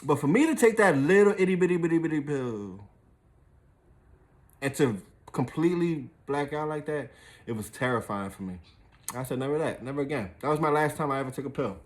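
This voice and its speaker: A man's voice: a little high, expressive, fairly quick. A young man telling a story in casual, profane talk, full of fillers and restarts. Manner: loose and profane, with frequent fillers and laughs.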